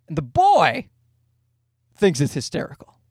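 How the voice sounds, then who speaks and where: A man's voice: on the high side, wildly swooping pitch, unhurried, darkish tone, breathy edge, dry recording, clean studio sound. A man, a father, casually telling a rambling, self-mocking anecdote in a jokey monologue.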